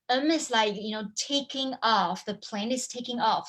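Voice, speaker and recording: A woman teaching over a video call, lively and hands-on, humming examples and quizzing her listeners as she goes. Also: a little high, normal speed. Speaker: language teacher and online course presenter. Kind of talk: live webinar talk with demonstration.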